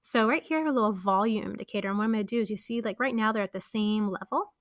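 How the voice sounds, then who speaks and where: A woman's voice: mid-range voice, racing, no echo, studio quality. A woman explaining podcast editing in a casual screen-recorded tutorial, walking through each step with friendly fillers. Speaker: teacher showing podcast editing.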